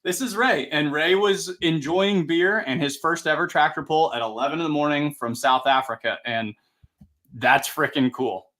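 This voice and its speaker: Energetic bright-voiced man telling stories. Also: a little high, normal speed. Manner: lively storyteller, acts out voices. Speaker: event announcer and co-host. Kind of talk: casual podcast chat.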